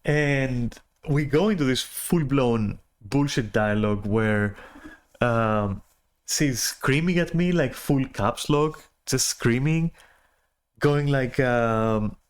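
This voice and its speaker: Man, mid-pitched voice, exasperated rant, swears a lot, stumbling restarts, casual monologue. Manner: agitated, profane, exasperated rant with many restarts. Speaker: podcaster venting.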